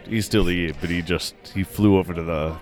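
A man's voice: low-pitched, steady tone, moderate pace, music in the background. A young man chatting casually while gaming, goofily narrating what he does. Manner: goofy, narrates his in-game actions. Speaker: gamer.

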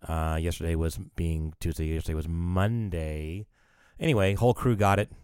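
Very deep smooth guy still a bit sick, rambly podcast chat, dry sound. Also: steady tone, moderate pace, a little mellow, no room sound. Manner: rambling, self-correcting, jokey. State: recovering from illness. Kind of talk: casual chat.

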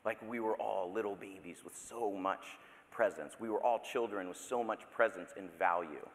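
The long reverb of a large church sanctuary surrounds a man in his thirties as he preaches. His voice is fairly low and moderately paced, and he keeps things conversational with playful asides and frequent self-interruptions.

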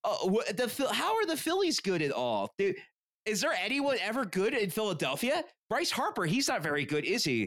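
A man mimicking an obnoxious young tourist with a grating, whiny voice, pitched well above his own. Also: wildly swooping pitch, normal speed, fairly bright tone, heavily acted. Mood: smug. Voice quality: whiny, nasal grating drawl.

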